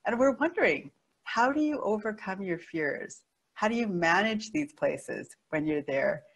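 A woman hosting an interview, asking questions with warm praise and laughing asides. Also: mid-range voice, expressive, unhurried, poor audio. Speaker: interview host.

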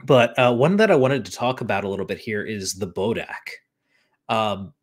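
A man's voice: fairly low pitch, lively intonation, moderate pace. A man hosting a conversational interview, restarting his phrases often. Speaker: podcast host. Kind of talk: casual interview talk.

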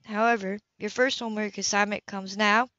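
A woman reading the part of a stern female school official in a measured, formal way. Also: mid-range voice, fairly even intonation, bright, forceful tone, dry recording, dull audio, lightly acted. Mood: firm. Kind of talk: audiobook reading.

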